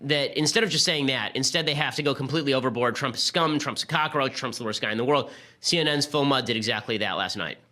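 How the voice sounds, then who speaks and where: A man hosting a political commentary show, talking in a rapid, sarcastic, argumentative way. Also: mid-range voice, pushed and bright. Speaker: host.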